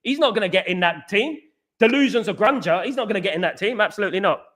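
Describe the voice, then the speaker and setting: A middle-aged man from England hosting a casual live stream, reading chat and giving emphatic, repetitive shout-outs. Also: high voice, animated, fast.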